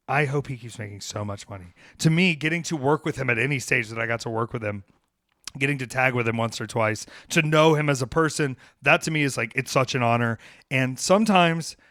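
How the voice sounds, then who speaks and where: A man hosting a podcast, telling a story in a casual, animated way. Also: medium pitch, normal speed, dry recording, studio quality. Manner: animated, acts out quoted voices. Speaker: podcast host, pro wrestler.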